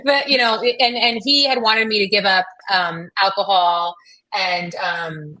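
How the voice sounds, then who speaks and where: A woman's voice: mid-range voice, steady tone, measured pace, sharp tone. A middle-aged woman telling a rambling personal story in casual chat, full of fillers and quoted dialogue. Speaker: guest.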